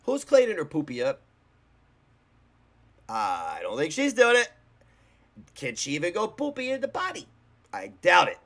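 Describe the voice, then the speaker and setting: A man's voice: high-pitched, huge pitch swings, unhurried, long pauses, a bit bright. A man hosting a reaction video, giving casual commentary in a rambling, blunt and mocking way.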